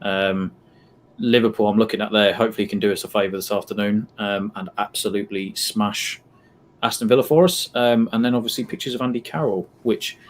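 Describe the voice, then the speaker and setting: A man's voice: fairly low pitch, brisk, a little hiss or hum. A man co-hosting a live football watch-along, talking in a rambling, hesitant way. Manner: rambling, hesitant, lots of plugs. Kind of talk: casual live stream chat.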